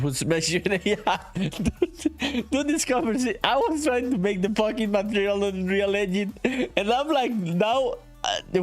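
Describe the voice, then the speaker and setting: A man live-streaming his game development, chatting casually with viewers, reading their messages aloud, laughing often, swearing and saying "dude" a lot. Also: high voice. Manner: reads chat messages aloud.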